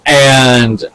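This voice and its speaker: A young man casually telling a personal story on a vlog, animated and exasperated, with lots of fillers and swearing. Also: mid-range voice, smooth, no echo, rough recording. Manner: animated, fed-up retelling full of fillers and swearing.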